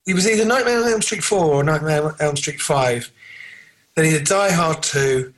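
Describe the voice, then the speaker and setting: Male podcast co-host, slightly higher pitch, chatty and trivia-heavy, lots of ums. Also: normal speed, fairly bright tone, rough recording. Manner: rambling, trivia-heavy, many fillers and restarts. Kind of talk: casual film chat.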